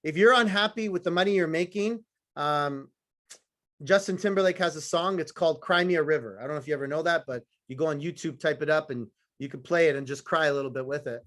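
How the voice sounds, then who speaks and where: A man with a notably high-pitched voice delivers a live motivational talk to a sales team. He is blunt and profane, teases his listeners, and hammers his points home in short, repeated phrases. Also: fast, a bit bright. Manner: blunt, profane, fired-up, teasing the audience; repetitive punchy phrasing. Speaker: motivational speaker.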